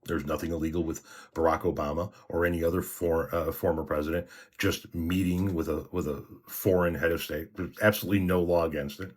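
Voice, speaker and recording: A man's voice: sits low, fairly even intonation, fairly quick. A man giving blunt, scornful political commentary, cursing at his opponents. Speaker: commentary vlogger. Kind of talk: angry profane rant.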